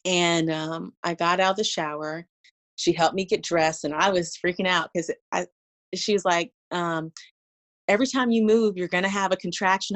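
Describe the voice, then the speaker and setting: A young woman telling her birth story in a casual conversation, animated and laughing, acting out her own past lines. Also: medium pitch, normal speed.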